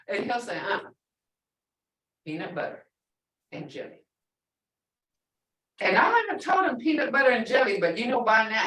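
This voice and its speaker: A woman's voice: fairly low pitch, a bit bright, roomy sound, distant mic, poor audio. An older woman teaching a language class, chatty and storytelling, repeating words for emphasis.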